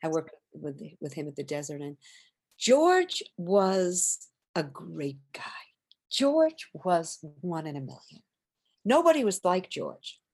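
An older woman, a stage singer, telling lively anecdotes in an interview, acting out quotes and laughing often. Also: lowish voice, takes it slowly, husky. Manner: animated storyteller, acts out quotes, laughs often.

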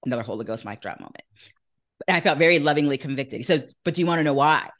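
Woman, podcast guest, slightly low voice, earnest, animated storytelling, conversational. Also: very fast. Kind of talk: conversational testimony in an interview.

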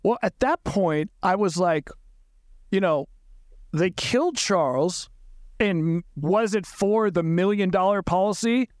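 A middle-aged man with a high voice tells a painful story in a halting way, restarting and repeating words. His voice climbs further when he gets upset. The recording is dry and close. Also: no echo. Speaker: podcast guest recounting events. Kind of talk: emotional personal recollection.

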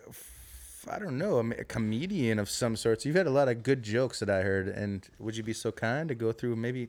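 A man's voice: medium pitch, moderate pace, darkish tone. A man hosting a casual talk show interview, laughing often and restarting his sentences. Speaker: host.

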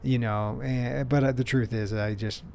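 Here the male host's mid-range voice is creaky and a bit mellow, with fairly even intonation and a normal pace, plus a slight hiss or hum in the background. He rambles through casual solo stories, restarting a lot and teasing himself with good humor.

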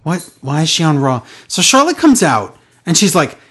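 A man's voice: on the high side, very animated, moderate pace, fairly bright tone, slightly rough. A man hosting a casual wrestling podcast, giving sarcastic recaps with mocking impressions. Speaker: podcast host.

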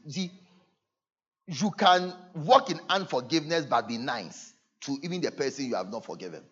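A man preaching a sermon to his church, earnest, moving between loud emphasis and soft asides. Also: medium pitch, very animated, moderate pace, husky, highs cut off. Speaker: pastor. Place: church service.

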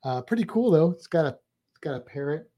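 A man co-hosting a casual show, talking in a relaxed, rambling way with many restarts. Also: a little high, brisk, muffled recording. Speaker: podcast co-host. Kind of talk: casual chat.

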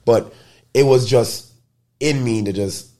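Taking it slowly, a medium-pitched man from the Bronx tells stories as an interview guest. The talk is casual, and his delivery is loose and animated, with plenty of slang and profanity.

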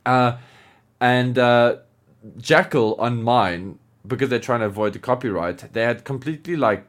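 A man co-hosting a podcast in casual chat, animated and laughing, with lots of filler words. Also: mid-range voice, moderate pace. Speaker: podcast co-host.

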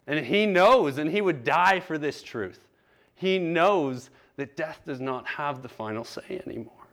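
A man's voice: a little high, animated, a little slow, a bit bright. A man preaching a sermon, telling a candid personal story in a conversational way. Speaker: pastor.

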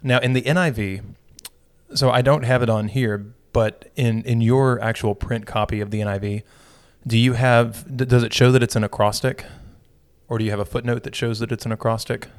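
A man co-hosting a podcast, leading a relaxed Bible study with dry jokes and frequent restarts. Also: mid-range voice, normal speed, clear, resonant tone. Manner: relaxed, dry joking, self-correcting restarts. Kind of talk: casual chat.

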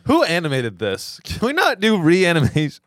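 A young man jokes and interjects in a casual podcast chat, with a sarcastic edge. His pitch swoops lively and sits fairly high. He is heard on a dry, close studio mic. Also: moderate pace, no room sound. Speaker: podcast co-host.

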